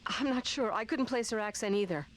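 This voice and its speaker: A woman's voice: a little high, fairly quick, a little hiss or hum, lightly acted. An actress playing a blunt, no-nonsense woman in a game. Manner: blunt, emphatic.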